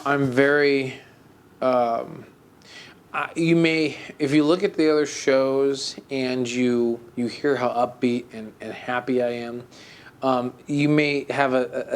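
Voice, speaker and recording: A man's voice: mid-range voice, fairly even intonation, slow, pauses often. Male co-host, mid-range voice, rambling casual storyteller with a mock-glum streak. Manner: rambling, with many fillers and restarts. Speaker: podcast co-host. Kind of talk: casual chat.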